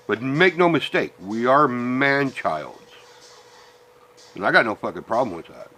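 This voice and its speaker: A man's voice: medium pitch, pushed and bright. A middle-aged man ranting bluntly and profanely in a personal monologue about family and parenting. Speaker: vlogger.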